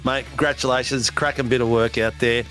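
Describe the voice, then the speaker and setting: A man's voice: mid-range voice, steady tone, a little fast, a bit bright, soft background music. A man hosting post-race interviews for a sim racing broadcast, chatty and hyped up. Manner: hyped announcer, chatty, says mate a lot.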